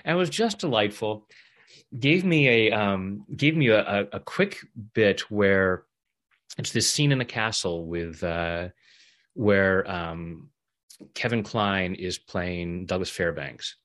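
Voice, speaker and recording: Deep-voiced middle-aged man telling a story. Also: slow. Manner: animated when acting out quoted voices, laughs often. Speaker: interview guest, EFT practitioner. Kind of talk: casual storytelling.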